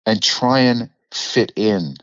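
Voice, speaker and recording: A man's voice: on the low side, slow, dry recording, lo-fi sound. A man from England with a London accent, a guest actor telling stories in a casual podcast interview, swearing freely and acting out quotes. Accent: London English. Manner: animated storyteller, swears freely, acts out quotes.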